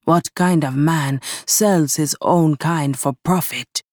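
A woman's voice: sits low, slow, a little mellow, no echo, clean studio sound. A woman reading the part of a proud male village ruler who speaks with contempt and disgust in an audio story. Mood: scornful.

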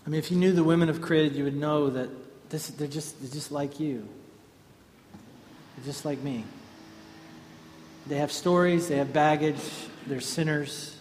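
A man's voice: fairly high pitch, measured pace, long pauses, a little hiss or hum. Man preaching in an echoey hall. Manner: storytelling, animated and conversational. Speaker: pastor. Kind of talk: sermon. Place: large hall with an audience. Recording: echoey hall, faint ambience.

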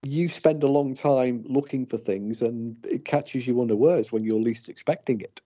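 Hesitant man with a mellow, husky voice. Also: mid-range voice, normal speed. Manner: hesitant, many fillers and restarts. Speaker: paranormal investigator, co-host. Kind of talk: casual radio talk. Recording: dull lo-fi radio audio.

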